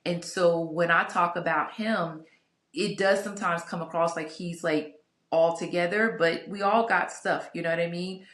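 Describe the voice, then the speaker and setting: A candid, chatty woman vlogger talks casually and reflectively to camera about a couples Bible study, rambling warmly through asides and fillers. Her voice sits a little low, with a steady tone and normal speed, in an echoey room.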